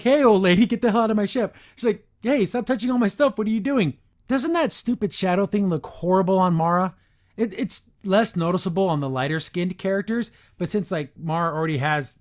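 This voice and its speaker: On his podcast, a man with a slightly high voice gives a casual, opinionated review of an episode, often breaking into spirited impressions of characters and then settling back into his remarks.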